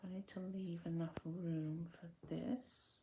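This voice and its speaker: Low, unhurried woman crafting and chatting. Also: little pitch movement, dark tone, roomy sound, slight background noise. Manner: chatty, self-correcting, drifts into near-whispers while concentrating. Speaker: card-making demonstrator. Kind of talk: casual crafting tutorial.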